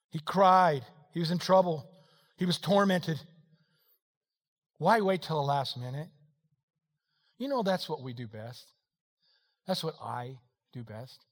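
High-voiced man preaching in a reverberant hall. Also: takes it slowly, long pauses. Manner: swings from quiet to shouting, folksy asides. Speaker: pastor. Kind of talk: sermon. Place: church hall.

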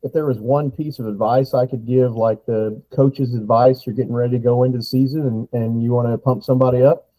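A man, a veterinarian, speaking as a podcast guest in a halting way, repeating words as he tells stories. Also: medium pitch, steady tone, mellow, dry recording, rough recording. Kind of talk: casual podcast interview.

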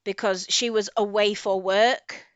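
A woman co-hosting a casual book discussion, chatty and quick to laugh, often trailing off and restarting. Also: mid-range voice, steady tone, smooth, no echo. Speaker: podcast co-host. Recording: slightly dull lo-fi audio.

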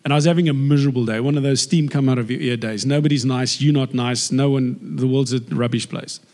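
A man from South Africa with a South African accent, giving a personal faith testimony as a lively storyteller who acts out dialogue. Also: medium pitch, fast.

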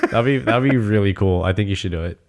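A man's voice: lowish voice, fast talker. A man co-hosting a podcast in casual chat, joking in a playful, mock-grand way. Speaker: podcast co-host.

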